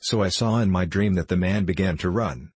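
A man narrating an old-fashioned story in a measured, formal way. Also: low-pitched, darkish tone, slightly rough. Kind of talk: audiobook narration of an old allegory.

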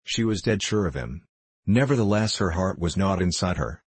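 A man narrating a novel in a measured, even storytelling delivery. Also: low voice, husky, no room sound. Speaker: audiobook narrator.

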